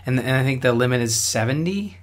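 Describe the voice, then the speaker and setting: A man's voice: mid-range voice, lively intonation, a little fast. Young Canadian man, Canadian accent, chatty rambling storyteller. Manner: rambling storyteller, lots of restarts and fillers. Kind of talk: casual chat.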